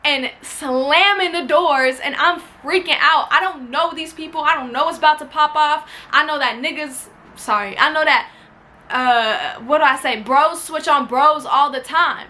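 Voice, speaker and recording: A woman's voice: high-pitched, a little slow. A woman telling a story to camera at home, talking casually with lots of slang and swearing, acting out what people said. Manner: animated, slangy, swears freely, acts out quotes. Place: indoors at home near a window.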